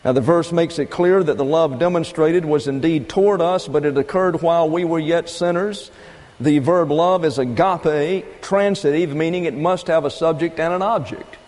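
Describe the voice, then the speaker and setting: A man preaching a doctrinal sermon, teaching in a measured, methodical way and repeating key phrases. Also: on the high side, a little mellow. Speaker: pastor. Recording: long reverb of a large hall.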